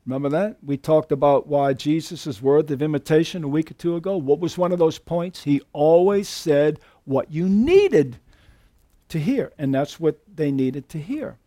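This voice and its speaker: A man preaching a sermon to a church congregation, emphatic, swinging between loud outbursts and hushed asides. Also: fairly high pitch, moderate pace, dry recording, studio quality. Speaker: pastor. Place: church sanctuary.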